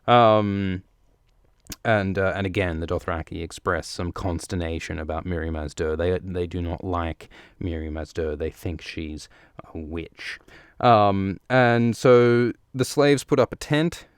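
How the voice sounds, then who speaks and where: Podcast host, very low smooth voice, jokey casual recap. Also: male voice, measured pace, dry recording, clean studio sound. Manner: joking, profane, rambling with fillers.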